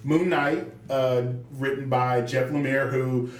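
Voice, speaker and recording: A man's voice: mid-range voice, fairly even intonation, slow pace, recorded from a distance. A man co-hosting a casual comic book podcast, rambling with lots of fillers and restarts. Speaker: podcast co-host. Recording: echoey room, off-mic, faint noise.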